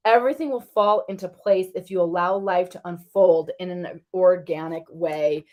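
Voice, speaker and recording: A woman giving a spiritual card reading to her viewers, chatty and encouraging, often calling them "you guys" and getting animated when she tells a story. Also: moderate pace, dull audio. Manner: animated, pitch jumps when retelling stories. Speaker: tarot reader.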